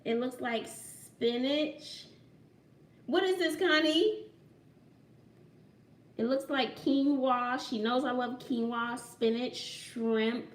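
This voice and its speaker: A woman vlogging casually from home, excited and giggly, talking to her viewers as y'all. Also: high-pitched, slow pace, pauses often, far from the mic. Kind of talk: casual vlog chat. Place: home room. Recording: echoey room, off-mic.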